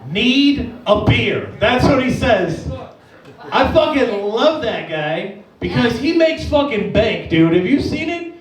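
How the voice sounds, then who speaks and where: A man performing a stand-up comedy set in a club, profane and animated, often jumping into high-pitched impressions of the people in his stories. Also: a little slow. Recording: echoey club from a distance.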